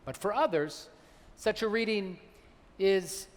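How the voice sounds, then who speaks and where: A man, a rabbi, delivering a holiday sermon, slowing down and weighing his words when he quotes sacred texts. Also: high-pitched. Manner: measured, slows for emphasis on quoted texts. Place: large synagogue sanctuary. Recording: long hall reverb.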